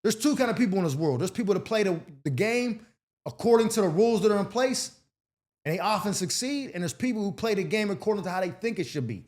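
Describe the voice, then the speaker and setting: A man's voice: high voice, expressive, fast talker, darkish tone. A man hosting an advice show, reading viewer letters and answering with blunt, slangy, streetwise commentary in a casual chat style.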